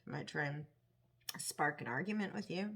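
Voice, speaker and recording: A woman with a fairly low voice reads tarot cards in a relaxed, casual way. She thinks aloud as she goes, musing and chatting about what she sees in the cards. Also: normal speed, creaky, slightly rough. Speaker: tarot reader.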